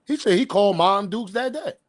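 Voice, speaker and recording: A man hosting a casual online commentary, speaking bluntly in slang and addressing viewers directly in an animated way. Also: high-pitched, a little fast, no echo. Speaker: commentary host.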